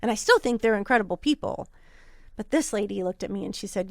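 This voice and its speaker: A candid woman in her thirties tells her own story with earnest feeling, her pitch sitting in an ordinary middle range. The sound is dry and close, with no room around her voice. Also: animated, quick pace, vocal fry, no echo. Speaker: podcast host. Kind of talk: personal storytelling.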